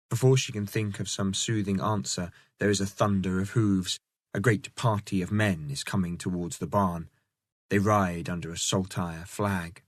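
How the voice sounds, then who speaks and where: A man narrating a novel in a measured, even storytelling voice. His pitch sits low, and the recording is dry and close, with no room sound. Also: no room sound. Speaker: audiobook narrator. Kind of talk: scripted narration.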